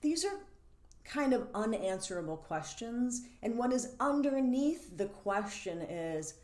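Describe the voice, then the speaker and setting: A woman teaching as a coach in a lively, animated way, laughing between points and acting out the questions people ask. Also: medium pitch, slow. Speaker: codependency coach. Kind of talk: teaching monologue. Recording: roomy echo.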